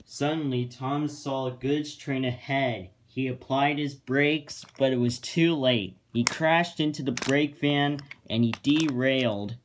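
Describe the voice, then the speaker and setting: A man narrating a homemade storybook tale about train engines in a plain, even manner. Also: medium pitch, unhurried, hardly any pauses, noisy background.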